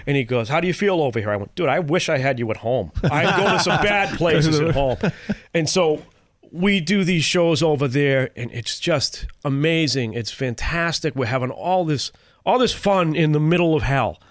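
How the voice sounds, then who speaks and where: A comedian tells his stories in a lively, casual way. He keeps jumping into the voices of the people in them. His voice sits a bit high and is recorded close and dry, with no room echo. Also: moderate pace. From Cambridge, Massachusetts. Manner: animated, acts out other people's lines in shifting voices. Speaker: comedian guest. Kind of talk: casual storytelling.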